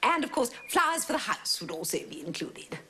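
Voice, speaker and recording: A woman's voice: fairly high pitch, big pitch swings, brisk, bright, forceful tone, soft background music. An actress playing a prim, scheming English spinster who lets her house, gossiping in an arch, falsely sweet way. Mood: catty, sweet. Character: prim scheming spinster landlady, middle-aged. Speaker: village hostess letting her house. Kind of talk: period television drama.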